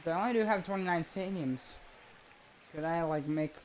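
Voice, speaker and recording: Man, fairly high voice, casual play-by-play caller for a game stream who rambles and corrects himself, faint background hiss. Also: normal speed, poor audio. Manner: rambling, self-correcting, chatty. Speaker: streamer calling a baseball video game.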